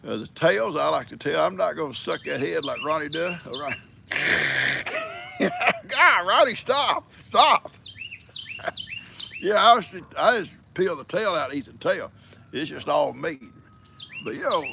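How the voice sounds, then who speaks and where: Gravelly older man, folksy rambling. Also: fairly high pitch, big pitch swings, moderate pace, background noise. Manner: folksy storyteller, chuckles often. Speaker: livestream host. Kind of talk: rambling casual chat.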